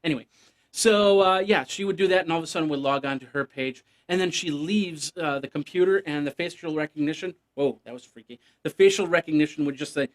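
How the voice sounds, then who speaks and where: A man's voice: fairly high pitch, fairly quick. Rambling, jokey male tech podcaster. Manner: rambling, jokey, makes beeping computer noises. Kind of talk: casual solo tech news podcast.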